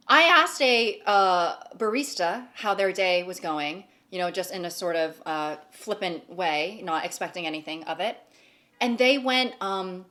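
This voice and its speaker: A woman's voice: on the high side, a bit bright. A woman in her twenties chatting casually to her viewers, rambling with lots of fillers and some swearing while she snacks. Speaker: YouTuber. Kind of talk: casual chat.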